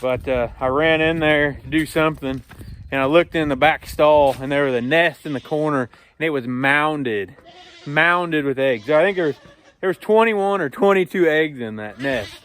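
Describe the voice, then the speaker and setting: A man, talking casually while doing farm chores and calling loudly to his animals. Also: a little high, moderate pace, clean tone. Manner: calls loudly to animals, chatty and laughing. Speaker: farm vlogger. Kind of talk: casual farm vlog narration. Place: outdoors on a farm.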